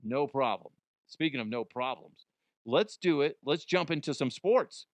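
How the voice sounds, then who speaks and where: A man's voice: mid-range voice, expressive, measured pace, noisy background. A man hosting a comedy news show, rambling in a jokey, self-interrupting way. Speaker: podcast host. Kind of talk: casual comedic commentary.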